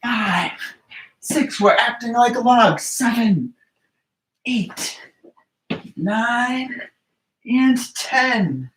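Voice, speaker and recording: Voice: medium pitch, expressive, very slow, long pauses, fairly bright tone, a little hiss or hum. Encouraging gymnastics coach, distant and roomy. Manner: encouraging, counts aloud while demonstrating; talks simply to small children and parents. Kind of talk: children's movement class.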